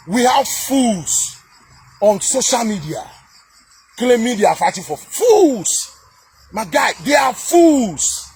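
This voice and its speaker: A man from southern Nigeria, with a Nigerian accent and a high-pitched, slightly breathy voice, comments while reacting to a video. His political rant is heated, scornful, and repetitive, full of fillers and restarts.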